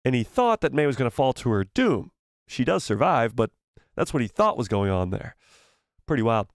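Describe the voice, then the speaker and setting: Animated young man hosting a live chat. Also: medium pitch, moderate pace, no echo, clean studio sound. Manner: animated and playful, teasing the chat, stumbles when reading aloud. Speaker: live stream host reading viewer donations. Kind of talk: casual live stream chat.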